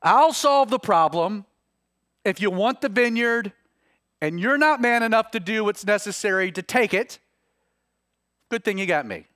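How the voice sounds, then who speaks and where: A man doing a scornful, commanding queen, her voice pitched high and swinging widely as she mocks a whining husband. She is impatient and bossy, heard dry and close with no room sound. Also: animated, measured pace, long pauses, a bit bright, dry recording.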